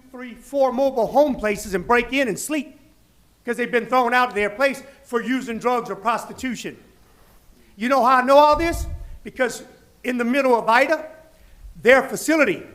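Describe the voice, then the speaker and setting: Brief: man, business owner at public comment, high voice, furious and indignant, shaking with anger. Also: normal speed. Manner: angry, indignant, rising to loud outbursts. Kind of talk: public comment at a city council meeting. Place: council chamber.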